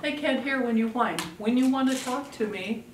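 An older woman giving a parenting talk to an audience, telling stories in an animated way and acting out children's voices. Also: on the high side, normal speed, echoey room, recorded from a distance, noisy background. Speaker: parenting speaker.

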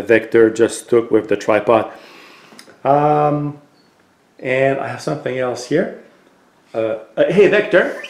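Tech vlogger, man, mid-pitched, relaxed explainer with fillers, echoey room. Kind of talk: casual product demonstration. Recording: roomy echo.

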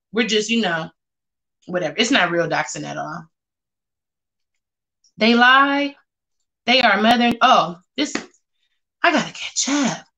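Sassy woman vlogger, high bright voice, chatty live-stream delivery. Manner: sassy, chatty, reacts aloud to comments with drawn-out exclamations. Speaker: vlogger reading live chat. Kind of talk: casual live-stream chat.

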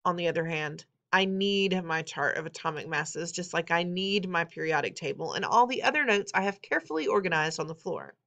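A woman reading a novel aloud in an expressive, wry first-person storytelling manner. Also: on the low side, a little fast, hardly any pauses. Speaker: audiobook reader.

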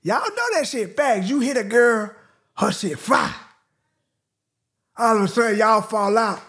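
A man hosting a reaction video, reacting with loud, animated exclamations and slangy asides. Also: high voice, a little slow. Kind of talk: excited reaction commentary.

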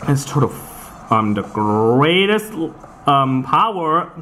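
Excitable man groaning through a match. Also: medium pitch, slow pace, a little hiss or hum. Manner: excitable, swears and groans at the game. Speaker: gameplay commentator. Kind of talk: casual let's-play commentary.

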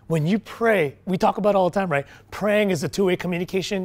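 An animated male pastor preaches a little fast, shifting from quiet, low sections to loud, emphatic bursts and restarting his lines frequently.

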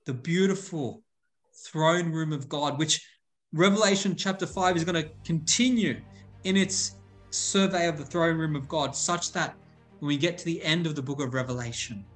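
A man preaching a sermon as pastor, stressing key words, slowing down on them and repeating phrases. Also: fairly high pitch.

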